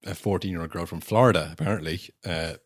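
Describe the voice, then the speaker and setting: A man's voice: sits low, quick pace, no echo, clean studio sound. A man co-hosting a podcast, reviewing a film in casual chat, wry and rambling, swearing now and then. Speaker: podcast co-host.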